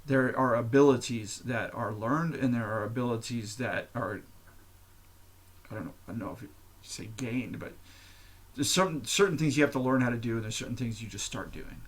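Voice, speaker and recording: A man's voice: mid-range voice, normal speed. A man hosting a podcast, talking alone in a loose, unscripted way, rambling, swearing and laughing at himself. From United States. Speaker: podcast host. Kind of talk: unscripted casual monologue.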